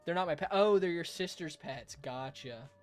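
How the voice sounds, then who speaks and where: A man's voice: on the high side, normal speed, soft background music. A young man streaming a game, chatting casually with his live chat, playful, rambling and laughing often.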